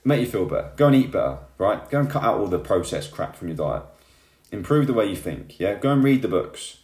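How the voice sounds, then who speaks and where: In a lowish, sing-song and slightly mellow voice, a vlogger delivers a brisk, fired-up pep talk to camera, peppering his sentences with "yeah?" and "right?". Echo from the room is audible.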